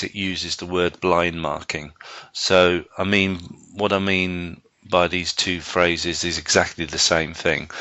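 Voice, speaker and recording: Low bright-voiced guy walking staff through a software demo, lots of ums, dry sound. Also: dry recording. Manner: explanatory, with frequent ums and restarts. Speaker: learning technologist giving a staff training session. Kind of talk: live software training presentation.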